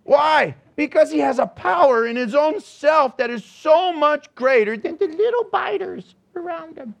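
A man preaching a sermon with dramatic swings from soft asides to shouts, often acting out voices. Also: very high voice, expressive, unhurried, creaky. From United States. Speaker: pastor.

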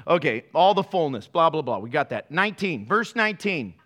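Man, pastor, high voice, casual sermon, playful and joking with the congregation. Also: very animated, normal speed, fairly bright tone. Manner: playful, jokey asides to the congregation.

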